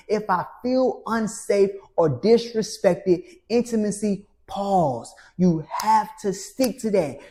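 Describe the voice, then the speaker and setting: A man coaching in a motivational monologue, preachy and emphatic, listing rules in short punchy phrases and often ending with a soft, low "my friend.". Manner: preachy, repeats "my friend" with a dropped, quiet tail. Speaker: relationship coach.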